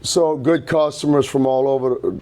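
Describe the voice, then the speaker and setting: A middle-aged man and record label founder telling an animated anecdote at an indoor hi-fi event, acting out quotes and swearing casually. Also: medium pitch, moderate pace. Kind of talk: casual storytelling interview.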